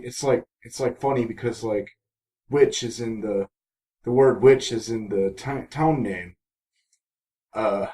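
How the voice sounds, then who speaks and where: A man's voice: medium pitch, a little mellow. A man recapping a TV episode in a casual vlog, rambling and cracking self-mocking jokes. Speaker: TV episode reviewer.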